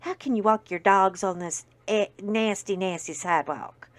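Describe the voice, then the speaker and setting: A woman's voice: mid-range voice, normal speed, no room sound, lightly acted. A woman voicing an effusive, folksy Texan woman mayor with a drawling Southern accent and gushing exclamations.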